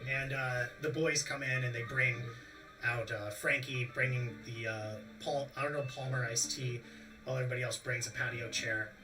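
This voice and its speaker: A man's voice: mid-range voice, fairly even intonation, normal speed. A man narrating as game master of a tabletop game, in a loose, rambling way full of fillers. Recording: distant mic with music behind.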